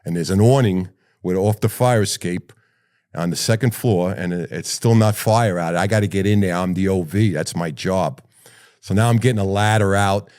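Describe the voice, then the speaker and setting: A middle-aged man, a retired firefighter, telling personal stories in an animated way and swearing freely. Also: deep voice, normal speed. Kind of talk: personal storytelling.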